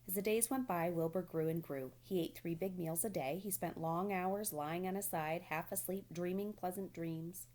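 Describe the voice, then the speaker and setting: A woman's voice: lowish voice, moderate pace, hardly any pauses, darkish tone. Woman reading a children's story aloud. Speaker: storybook reader.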